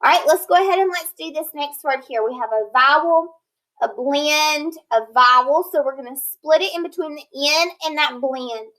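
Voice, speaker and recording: Woman, phonics teacher, high bright voice, patient and encouraging. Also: poor audio. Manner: slow, clear, encouraging teacher talk, sounding out words. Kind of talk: recorded phonics lesson for children.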